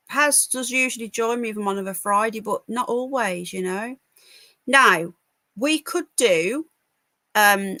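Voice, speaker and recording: A woman's voice: a little high, pushed and bright, no echo. A woman hosting a casual livestream from home, reading news aloud and answering chat comments with wry asides and stumbles. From United Kingdom. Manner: chatty, wry asides, stumbles over words while reading. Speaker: livestream host.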